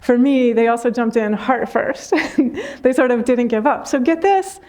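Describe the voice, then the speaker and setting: A woman spiritual teacher giving a reflective talk after meditation, telling a story gently with frequent soft laughter and unhurried phrasing. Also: high voice.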